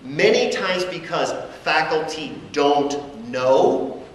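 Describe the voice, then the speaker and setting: A man presenting an academic conference lecture, deliberate and emphatic in his phrasing. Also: on the high side, lively intonation. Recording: echoey hall with faint room noise.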